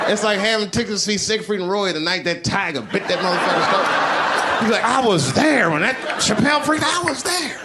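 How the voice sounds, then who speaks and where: A man doing a live stand-up set on a club stage, profane and animated, acting out other people as he talks. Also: sits high, heavy background noise. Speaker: stand-up comedian. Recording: live club with loud crowd laughter. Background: loud audience laughter.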